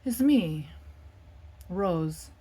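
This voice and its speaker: Slow, low-voiced woman reading tarot. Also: lively intonation, dark tone, slightly rough. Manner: playful, rambling, self-mocking. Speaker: tarot reader.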